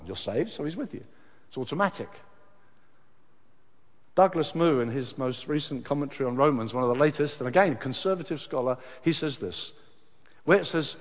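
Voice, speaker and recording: A man preaching a sermon with passion, moving from hushed, slow passages to loud, high cries. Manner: impassioned, swings from hushed to shouting. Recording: long hall reverb.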